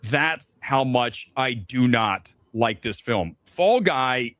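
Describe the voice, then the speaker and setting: A man's voice: mid-range voice, expressive, slow pace, fairly bright tone, dry recording. A man reviewing a film, talking in an exasperated, emphatic way.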